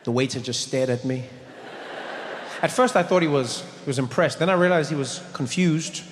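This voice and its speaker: A man performing a stand-up comedy set, telling his story in an animated way on a live stage. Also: medium pitch, normal speed. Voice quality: animated storytelling, swings between voices. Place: large live comedy venue. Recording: roomy hall, live crowd noise.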